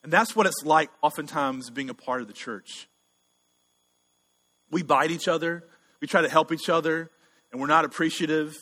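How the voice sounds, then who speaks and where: A man preaching in a loose, chatty, self-deprecating way, often restarting his sentences. His voice sits a little high and sounds bright. The sound rings with a long hall reverb, as in a church sanctuary. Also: normal speed, pauses often. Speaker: pastor. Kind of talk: sermon.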